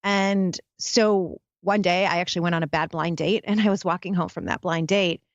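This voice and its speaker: A woman's voice: lowish voice, steady tone, moderate pace, no echo, dull audio. A woman guest telling a dramatic personal story in an interview, speaking intensely and straight to the listeners. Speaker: guest, happiness expert. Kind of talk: candid storytelling interview talk.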